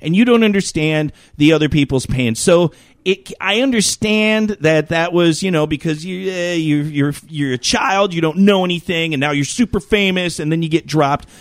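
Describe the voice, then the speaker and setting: A man in his fifties, a regular on a talk show, tells a long, profane, rambling story in a slightly high voice at normal speed. He's animated and uses many fillers. The sound is clean studio audio with no echo.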